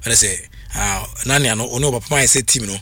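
A man giving animated, excitable sports commentary as a radio host, switching between languages and laughing often. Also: mid-range voice, normal speed, slightly rough, no room sound.

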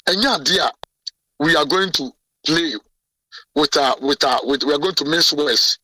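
A man's voice: fairly high pitch, normal speed, long pauses, pushed and bright, dry recording, distant mic, poor audio. A man with a Ghanaian accent, president of a journalists' association, speaking emphatically in a radio interview with many restarts. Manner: code-switching, emphatic, frequent restarts.

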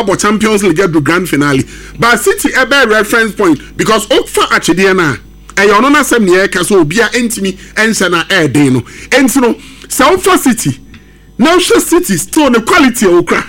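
A man with a Ghanaian accent arguing about football as a radio pundit, emphatic and excited, mixing English and Twi. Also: sits high. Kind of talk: radio sports discussion.

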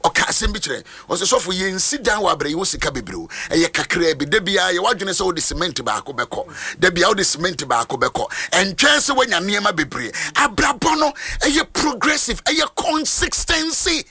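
A man with a Ghanaian accent preaching a sermon with passion, swinging between chanted lines and shouts. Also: sits high, sing-song, a little fast, few pauses, breathy edge. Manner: impassioned, switching between Twi and English, sing-song shouting.

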